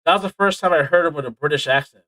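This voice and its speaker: A man co-hosting a casual podcast, telling stories with animated energy, plenty of swearing and laughter. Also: a little high, rapid-fire, no room sound, rough recording. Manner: animated storytelling, heavy swearing, frequent laughs. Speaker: podcast co-host. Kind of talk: casual chat.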